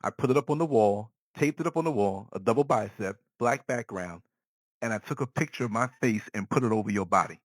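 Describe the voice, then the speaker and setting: A man's voice: fairly low pitch, a little fast, no room sound, low-quality recording. A man hosting an interview, eager and supportive as he tells his own story. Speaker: host. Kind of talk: casual interview chat. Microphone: call-in line.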